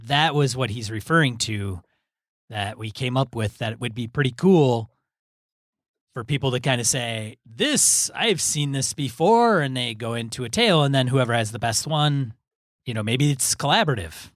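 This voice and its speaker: A man's voice: mid-range voice, a bit bright, no echo, studio quality. A man co-hosting a gaming podcast in casual chat, reading a listener email aloud with easygoing asides. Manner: easygoing, reads in measured chunks with asides. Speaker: podcast co-host.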